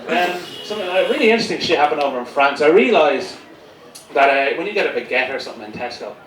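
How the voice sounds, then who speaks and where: A man's voice: a little high, lively intonation, fairly quick, fairly bright tone. A man performing a live stand-up set, sardonic and foul-mouthed, rambling through his stories. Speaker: stand-up comedian. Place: comedy gig venue, indoors. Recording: roomy, distant mic, crowd noise. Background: audience laughter.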